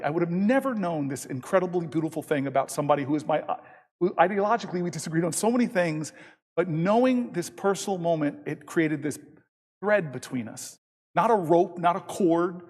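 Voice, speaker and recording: A man in his fifties giving a long floor speech as a senator, telling a story and quoting others in lively voices. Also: fairly high pitch. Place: large legislative chamber. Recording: long reverb from a large chamber.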